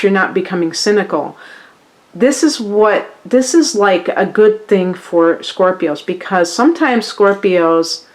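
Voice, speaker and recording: Woman, tarot reader, unhurried pace, chatty, lots of ums, mid-range voice. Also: medium pitch. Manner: slow, relaxed, chatty with many fillers. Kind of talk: casual tarot reading.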